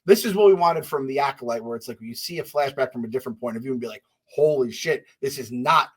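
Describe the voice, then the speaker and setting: A man's voice: mid-range voice, racing. A man co-hosting a podcast in casual chat, rambling and correcting himself as he talks. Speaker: podcast co-host.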